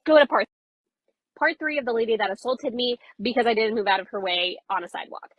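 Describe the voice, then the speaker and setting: A woman's voice: on the high side, fairly quick, dry recording, lo-fi sound. A young woman animatedly retelling a confrontation in a casual storytime, acting out what each person said. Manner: animated retelling, quoting others, rising when upset.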